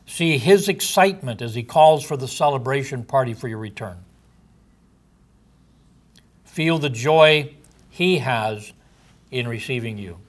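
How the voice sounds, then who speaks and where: A likely older male preacher speaks in a mid-range voice, taking the sermon slowly and deliberately. His phrases tend to trail away softly.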